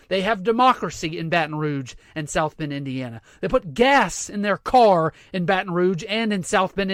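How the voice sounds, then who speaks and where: A man's voice: sits high, fairly bright tone, dry recording. A man hosting a sports show, ranting with profanity and sarcasm. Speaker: sports commentary host. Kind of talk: sports rant monologue.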